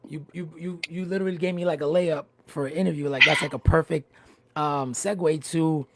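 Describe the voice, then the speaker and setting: A man hosting a livestreamed interview, asking long, halting questions full of restarts. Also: a little high, steady tone, vocal fry, pushed and bright, slight background noise. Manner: halting, many fillers and restarts, easygoing. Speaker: host. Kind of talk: casual interview. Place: home, livestream.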